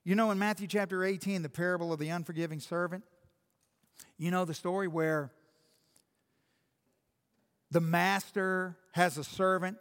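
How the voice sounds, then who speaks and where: A man's voice: high-pitched, steady tone, moderate pace, long pauses, fairly bright tone, clean tone, long reverb tail. A man preaching a sermon as pastor, speaking directly and with passion to the congregation.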